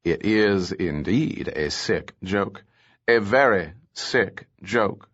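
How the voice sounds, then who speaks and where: A smug, languid villain, as an audiobook narrator plays him, low and unhurried, every word drawn out with cool menace. The recording sounds dull and lo-fi. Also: male voice, expressive, fairly bright tone, full character voice. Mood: menacing. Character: cold, languid male villain, pleased with himself.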